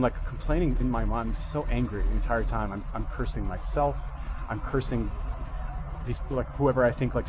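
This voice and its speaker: A man's voice: medium pitch, noisy background. A man giving rambling, casual commentary, swearing often and restarting his sentences as he reacts to a video clip.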